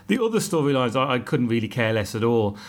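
A man's voice: medium pitch, very animated, fast talker. Male podcast host, rambly, jokey, casual review chat. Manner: rambling, full of restarts and asides, jokey.

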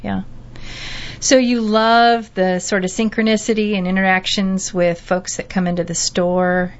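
A woman's voice: mid-range voice, little pitch movement, unhurried. A woman interviewing a shop owner, prompting him with encouraging questions. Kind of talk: conversational interview. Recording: dull, lo-fi recording.

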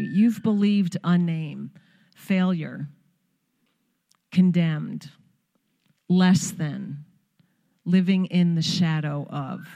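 Long island lady in her 50s, earnest church word, lowish voice. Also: dark tone. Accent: Long Island New York. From Long Island, New York. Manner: earnest, emphatic, spiritual. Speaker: visiting pastor's wife. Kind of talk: church greeting and exhortation. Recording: long hall reverb.

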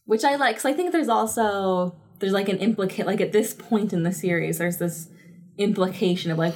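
With a mid-range, slightly mellow voice at a normal speed, a woman in her thirties co-hosts a podcast. She chats loosely about a TV episode, laughing and filling pauses often.

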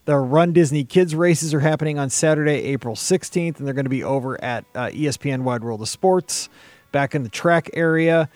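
A man's voice: a little high, a little fast, a little mellow, dry recording. A man co-hosting a podcast in casual chat, rambling with many restarts. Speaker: podcast co-host.

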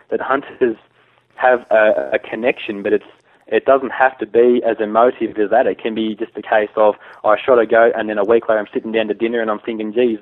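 This hunter guest speaks in a fairly low voice, chatting casually and opinionatedly while frequently starting over. The call has a tinny phone-line sound and no echo.

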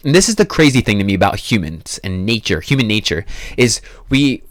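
A man's voice: lowish voice, very animated, fairly quick, no echo, clean studio sound. A man hosting a podcast, giving a blunt motivational monologue full of swearing and emphatic repeated phrases. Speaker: podcast host.

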